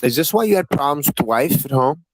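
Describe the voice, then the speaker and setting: A man's voice: medium pitch, animated, quick pace, dry recording, rough recording. Profane, taunting livestream host man. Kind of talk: heated livestream panel chat.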